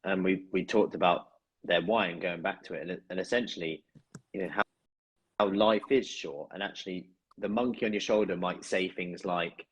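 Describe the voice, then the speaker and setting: A man's voice: sits low, brisk, fairly bright tone, slightly rough, rough recording. A man, a fitness coach chatting casually in a thoughtful, reflective way. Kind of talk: casual chat.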